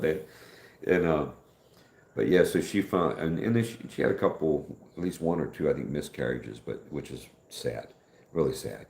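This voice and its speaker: A man's voice: low voice, normal speed, gravelly, a little mellow. A middle-aged man from the United States hosting a live stream, rambling through stories in casual chat and acting out quoted dialogue. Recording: echoey room.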